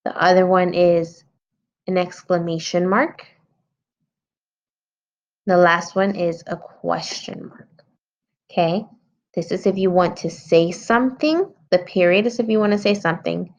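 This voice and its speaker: A woman's voice: on the low side, fairly even intonation, measured pace, long pauses. A woman teacher giving a writing lesson to young children, patiently thinking aloud as she edits her story. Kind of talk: early-grade writing lesson. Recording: slightly dull lo-fi sound.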